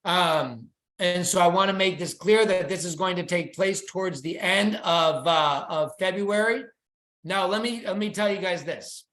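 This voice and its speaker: A presenter speaking at a measured pace shares slides on a video call, giving a weekly company update with excitable, sales-pitch zeal. The room is echoey.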